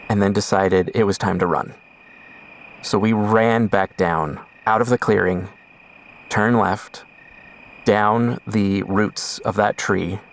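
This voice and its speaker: A man hosting a podcast, telling a first-person story slowly and deliberately, with suspenseful pauses. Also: on the low side, vocal fry, big-room sound, a little hiss or hum. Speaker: podcast host.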